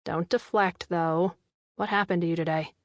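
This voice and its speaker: A woman voicing an attentive young man in an audiobook, soft-spoken, concerned and probing as he presses his girlfriend for answers. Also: lowish voice, steady tone, normal speed, no echo, close to an everyday voice. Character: attentive young man, gentle but insistent boyfriend. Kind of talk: audiobook character dialogue. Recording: dry studio voice-over.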